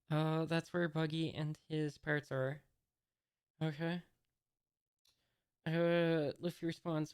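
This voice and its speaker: A woman's voice: deep voice, little pitch movement, slow, pauses often, a little mellow, clear, resonant tone, dry recording, studio quality. A woman reading a comic aloud and commenting on it casually, hesitant and thinking aloud with many fillers. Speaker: reader reacting to a comic. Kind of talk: casual read-along with commentary.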